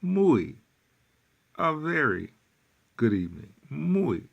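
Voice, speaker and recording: A man teaching a workbook lesson, repeating phrases slowly with folksy asides. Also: low-pitched, animated, vocal fry, a little mellow, breathy edge, muffled recording. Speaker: Spanish teacher.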